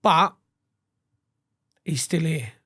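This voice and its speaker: A man's voice: a little high, drawn-out words, breathy edge, no echo, clean studio sound. A man, a podcast guest telling blunt stories full of swearing and restarts. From England. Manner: blunt, swearing, animated storytelling with repeated restarts. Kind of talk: casual chat.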